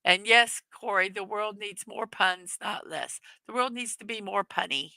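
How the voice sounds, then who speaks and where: A chatty woman hosting a live stream, giggling and filling her pauses with ums and uhs. Her voice is bright and clear. The sound is dry and close. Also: mid-range voice, dry recording, poor audio. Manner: chatty, giggly, with many fillers. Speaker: livestream host. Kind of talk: casual live chat reading viewer comments.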